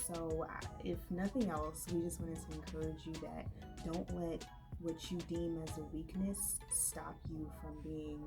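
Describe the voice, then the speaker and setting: Encouraging woman with gravelly voice. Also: low-pitched, unhurried, over music. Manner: encouraging, animated, quotes imagined speech. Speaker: podcast co-host. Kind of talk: casual faith conversation.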